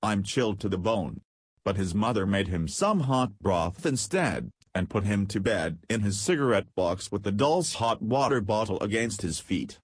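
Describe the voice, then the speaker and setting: A man reads a children's story aloud in a steady, measured way. His voice sits low with a husky grain, and the recording is dry and close. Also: no echo. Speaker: audiobook narrator. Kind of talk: scripted narration.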